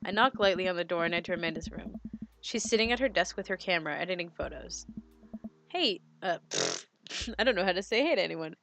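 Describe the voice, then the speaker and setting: A woman's voice: on the low side, expressive, brisk, a bit bright, a little hiss or hum. A young woman streaming a dating game, reading its text aloud in a giggly way, often tripping over words and correcting herself. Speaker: gaming streamer.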